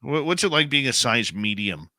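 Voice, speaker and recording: Canadian male radio host, very bright forceful voice, dry close mic, excitable banter. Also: medium pitch, moderate pace, dry recording. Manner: loud, excitable sign-offs and show promos. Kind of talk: casual late-night radio chat.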